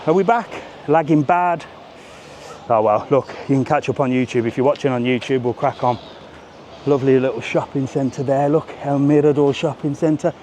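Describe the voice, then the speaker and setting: Speaking at a normal speed in a warm, mid-range voice, a man live-streams a walking tour by a busy resort seafront. He's casual, jokey and loose with the odd swear word, while traffic and street noise stay faint behind him.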